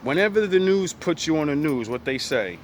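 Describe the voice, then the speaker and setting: A man's voice: fairly high pitch, sing-song, a little fast, slight background noise. An American man in a blunt, profane ranting commentary who hammers his points with repetition. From United States. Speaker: vlogger.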